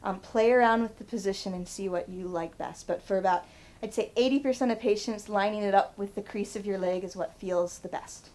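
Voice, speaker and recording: A woman in her thirties, a physical therapist, shows stretches in a chatty how-to vlog, laughing at herself along the way. Her mid-range voice is brisk with a darkish tone, and the recording is rough.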